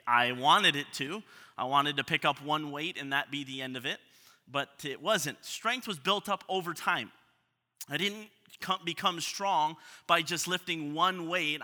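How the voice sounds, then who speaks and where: A man's voice: a little high, measured pace, sharp tone. A man in his thirties preaching a sermon, talking in a self-deprecating, conversational way with frequent restarts. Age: 30s. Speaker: pastor. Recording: reverberant hall.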